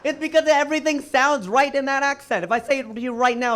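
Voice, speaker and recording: An American man performing a stand-up comedy routine on stage, animated and exclaiming his punchlines. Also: very high voice, quick pace, slight background noise. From United States. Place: comedy stage before a live audience.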